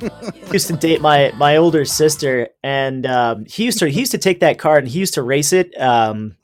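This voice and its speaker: A man's voice: on the high side, animated, normal speed, faint music behind. A man co-hosting a podcast, telling rambling stories in casual chat with many ums and uhs. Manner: rambling storyteller, many fillers. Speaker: podcast co-host.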